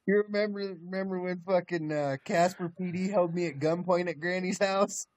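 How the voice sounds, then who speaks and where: A young man with a fairly high voice talks in a relaxed, profane way, retelling an old run-in and chiming in with quick yeps. It is easygoing storytelling among friends. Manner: laid-back, profane, agreeing with short yeps. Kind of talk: casual storytelling chat.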